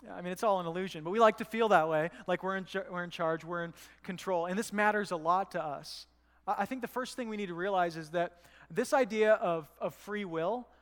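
High-voiced pastor in a reverberant church. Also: male voice, a bit bright. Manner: conversational, asks the room "right?". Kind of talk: sermon. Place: church sanctuary. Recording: church hall with long reverb.

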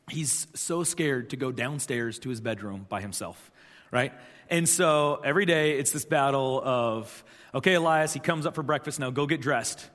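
A man's voice: medium pitch, a bit bright. A pastor in his thirties giving a conversational sermon in a church, repeating his points with emphasis. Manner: conversational, repetitive, emphatic preaching. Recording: long church hall reverb.

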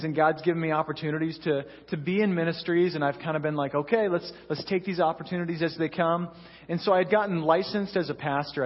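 A young man, a senior pastor, preaching a sermon in a church in a conversational storytelling way, often adding "you know". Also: a little high. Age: young adult. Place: church sanctuary. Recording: distant echoey hall, dull lo-fi sound.

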